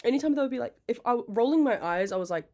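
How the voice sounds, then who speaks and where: A young woman hosting a casual podcast, rambling, self-mocking and quick to laugh, swearing freely. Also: a little high, expressive, dark tone. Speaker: podcast host. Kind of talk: casual chat.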